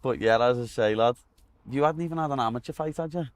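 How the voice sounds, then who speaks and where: Man, scouse accent, casual host chat, slangy banter, smooth resonant voice. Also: mid-range voice, fast talker, dry recording. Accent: Liverpool. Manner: casual slangy banter, calls people lad.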